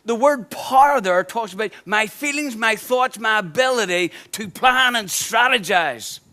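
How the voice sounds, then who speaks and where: A pastor preaching with a notably high voice for a man. He is emphatic and conversational, driving points home by repeating phrases. Dry humorous asides are mixed into the sermon. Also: lively intonation, measured pace, bright, forceful tone, faint music behind.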